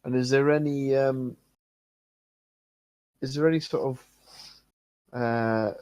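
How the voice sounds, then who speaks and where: A man's voice: mid-range voice, steady tone, slow, darkish tone, clear, resonant tone, no room sound. A man playing a tabletop game, hesitant and full of fillers as he describes his actions. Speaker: player. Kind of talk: casual tabletop play.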